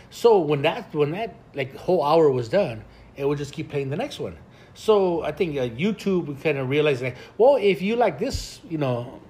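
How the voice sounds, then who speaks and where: Older man, high-pitched, casual chat, profane, rambling storyteller. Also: darkish tone.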